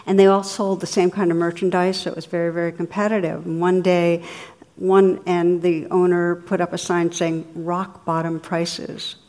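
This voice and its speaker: A woman's voice: lowish voice, little pitch movement, normal speed. A middle-aged woman, a meditation teacher, giving a dharma talk and telling funny stories with a laugh in her voice. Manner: warm storytelling, laughs at her own jokes. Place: meditation hall with audience.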